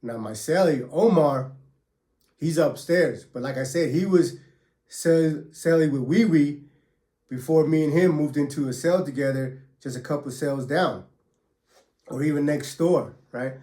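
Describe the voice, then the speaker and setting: A man's voice: fairly high pitch, measured pace, warm tone. A man casually telling a story from his prison years, full of profanity and street slang, acting out the blows as he goes. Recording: echoey room.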